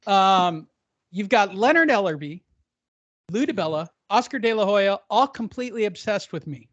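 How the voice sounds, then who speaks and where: Joking boxing podcast host. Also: male voice, high voice, lively intonation, normal speed, fairly bright tone, no echo, lo-fi sound. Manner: joking, self-mocking, crude. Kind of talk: casual boxing talk.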